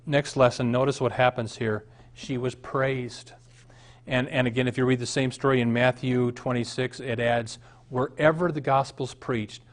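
A middle-aged man from the American Midwest, a pastor preaching a sermon, moving from a read-aloud passage to emphatic, rising points. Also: medium pitch.

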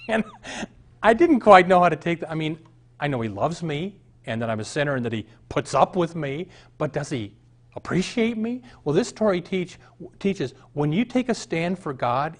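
A man's voice: on the high side, big pitch swings, normal speed. A middle-aged man from the American Midwest, a pastor preaching a sermon, moving from a read-aloud passage to emphatic, rising points.

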